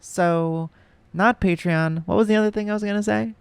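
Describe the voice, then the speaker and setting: A man hosting a podcast in casual chat, rambling with many pauses and restarts. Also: high-pitched, steady tone, creaky, clear, resonant tone, dry recording. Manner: rambling, lots of ums and restarts. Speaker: podcast host.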